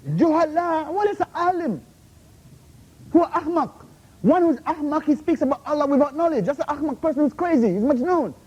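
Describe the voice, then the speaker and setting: Man, very high voice, rapid-fire scolding rebuttal at a university talk; muffled recording. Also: darkish tone. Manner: confrontational, repeatedly demands "Huh? How?"; scolding, drops Arabic terms into English. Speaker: invited Islamic speaker. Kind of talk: heated Q&A rebuttal. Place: university lecture room.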